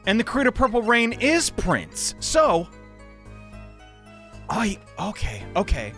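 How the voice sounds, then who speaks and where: An excitable man narrating his own play of a courtroom game. He mutters to himself and mocks himself, with a lively voice that leaps up and down in pitch. Faint game music plays under him. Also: slow. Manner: excitable, self-mocking, talks to himself while playing. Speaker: gaming YouTuber. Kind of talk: let's-play commentary.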